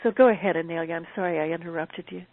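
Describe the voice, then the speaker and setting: A woman hosts a relaxed call, speaking gently and pausing often to find her words. Her voice comes through a narrow, tinny phone line. The sound is completely dry, with no room around it. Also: on the low side, no echo. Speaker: host of a spiritual call. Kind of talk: casual conversation on a call. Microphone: call audio.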